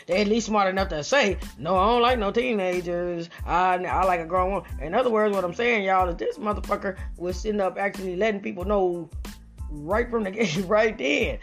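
A middle-aged woman talks straight to her viewers in casual commentary. Her delivery is profane and full of laughter, and she keeps coming back to "y'all." Faint music plays behind her. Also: medium pitch.

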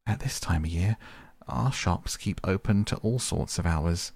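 A man's voice: low voice, measured pace, vocal fry, darkish tone, slightly rough, exaggerated voice. A man voicing a timid young male field mouse who answers politely, in a storybook reading. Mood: respectful. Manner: polite, respectful.

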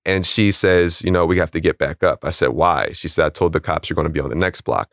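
Deep-voiced man telling a story calmly. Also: fast talker, no echo, studio quality. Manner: calm, matter-of-fact, chuckles at odd details. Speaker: storyteller recounting a personal event. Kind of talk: casual interview storytelling.

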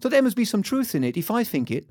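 A man hosting a relaxed chat, a native French speaker with a French accent. His voice sits a little high, and the sound is dry and close. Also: fast talker, dry recording. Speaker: host. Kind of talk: casual chat.

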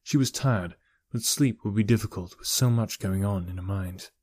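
Low-voiced male audiobook narrator. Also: normal speed, darkish tone. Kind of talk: scripted narration.

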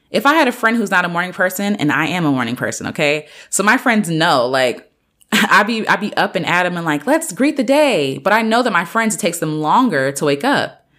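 A woman's voice: on the low side, a bit bright. A young adult woman hosting a podcast, speaking encouragingly in a casual solo talk, with playful put-on voices for friends and herself. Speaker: podcast host.

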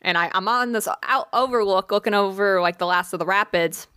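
A woman co-hosting a podcast tells a funny story in a brisk, bright, forceful mid-range voice that sounds smooth with no echo. She's laid-back and profane, saying "like" and "bro" constantly and laughing through her own tale.

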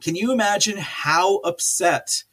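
A chatty man with a slightly high voice, reading out live chat on his stream. He rambles, restarts his sentences and laughs often as he goes. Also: a little slow, fairly bright tone.

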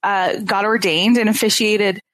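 A woman's voice: mid-range voice, fairly even intonation, measured pace, fairly bright tone, dry recording. A woman in her twenties, a podcast guest, talking earnestly and nostalgically with frequent ums. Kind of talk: casual podcast chat.

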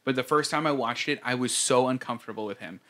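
A man's voice: medium pitch, quick pace, pushed and bright. Man in casual podcast discussion. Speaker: podcast co-host. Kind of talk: casual chat.

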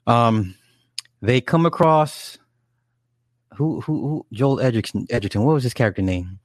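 A man's voice: mid-range voice, a little slow, dry recording, clean studio sound. A man casually retelling a story in a rambling, profane way, with frequent restarts and asides. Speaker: film recapper. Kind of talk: casual chat.

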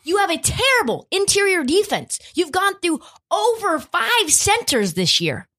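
A woman with a high voice rants her way through sports commentary, and her pitch swoops up and down. She talks in an emphatic way, with a lot of swearing. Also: big pitch swings, unhurried, sharp tone. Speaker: sports podcast host. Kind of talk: opinionated sports commentary chat.

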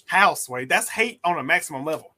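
A man's voice: on the high side, expressive, a little fast, pushed and bright. A young man co-hosting a casual podcast, joking around and acting out movie scenes as he talks. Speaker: podcast co-host. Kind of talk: casual chat.

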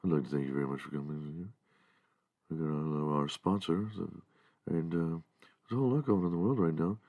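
A hushed, drowsy male public-radio host, as a man puts him on, speaking low and quietly. The sound is dry and close to the mic, with no room around it. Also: a little fast, dry recording. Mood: sedate.

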